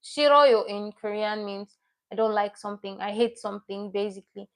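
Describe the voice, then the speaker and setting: A woman's voice: medium pitch, moderate pace. A woman teaching a livestream lesson, explaining patiently step by step and repeating each word she teaches. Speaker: Korean language teacher.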